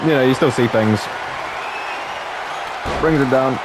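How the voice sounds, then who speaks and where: A man's voice: medium pitch, measured pace, a loud crowd, heavy background noise. A man giving casual, joking let's-play commentary, laughing often and calling people mate. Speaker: gameplay commentator.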